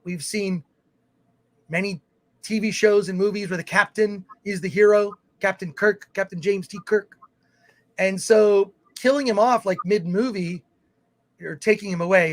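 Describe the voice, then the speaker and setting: High-voiced rambling male co-host. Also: dry recording. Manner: rambling, restarts often, reads chat comments aloud. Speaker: podcast co-host. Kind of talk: casual chat.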